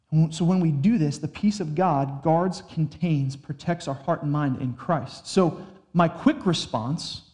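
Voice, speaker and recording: Young guy pastor giving a sermon, mellow warm voice, slightly high, talks like a friend then slows right down. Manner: earnest, conversational preaching with slow emphatic phrases.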